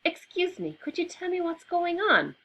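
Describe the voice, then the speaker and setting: Storybook read-aloud: excitable small boy, high and stammering, put on by a woman narrator. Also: moderate pace, slight background noise, exaggerated voice, low-quality recording. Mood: flustered. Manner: high, stammering when flustered. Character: excitable young boy, flustered.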